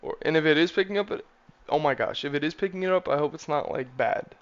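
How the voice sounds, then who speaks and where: A man's voice: on the high side, quick pace, highs cut off. A man chatting casually to his live-stream chat while coding a game, a little defensive. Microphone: desk mic, input gain changed. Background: faint music, room fan.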